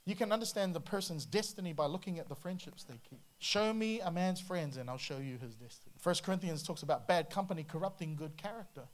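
A man preaching a sermon to a congregation, humorous and animated, breaking into playful voices and sound effects. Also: a little high, quick pace, few pauses. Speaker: pastor.

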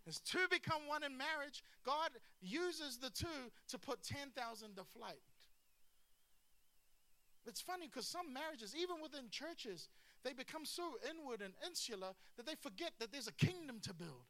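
A man preaching a lively sermon with humor and asides. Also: very high-pitched, moderate pace. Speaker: pastor.

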